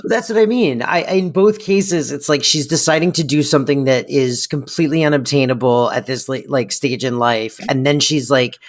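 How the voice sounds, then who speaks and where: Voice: mid-range voice, normal speed, hardly any pauses. A podcast co-host in casual chat, rambling with many fillers and laughing often.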